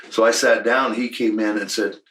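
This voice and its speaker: A man's voice: lowish voice, steady tone, measured pace, fairly bright tone, recorded from a distance, low-quality recording. A man in his sixties, a former wrestler, telling blunt, profane stories in an emphatic shoot interview. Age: 60s.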